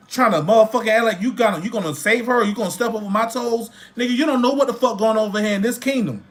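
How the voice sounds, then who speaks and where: His voice is high-pitched and sharp as he hosts a livestream. In a casual rant he lectures the audience with blunt profanity, saying phrases over again for emphasis.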